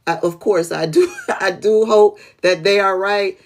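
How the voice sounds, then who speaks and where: A woman hosts a political livestream in a slow, unhurried way, speaking. She is blunt and profane and laughs often while talking to her viewers by name. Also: mid-range voice, steady tone. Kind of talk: casual livestream commentary.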